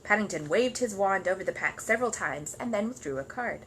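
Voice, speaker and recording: A woman reading a children's storybook aloud in an expressive storytelling voice, with faint noise behind her. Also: medium pitch, fairly quick. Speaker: storybook reader.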